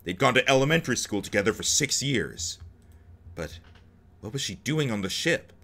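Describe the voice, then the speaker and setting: A man's voice: mid-range voice, sing-song, normal speed, creaky, fairly bright tone. A man reading game text aloud and cracking jokes between the lines as he plays. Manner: joking asides between dramatic narration. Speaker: let's play host.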